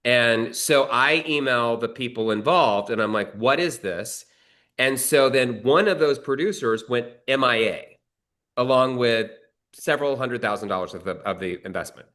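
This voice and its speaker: A male screenwriter spins a long, rambling anecdote in casual conversation, often restarting and swearing now and then. His medium-pitched voice moves at a moderate pace with a bright, forceful tone.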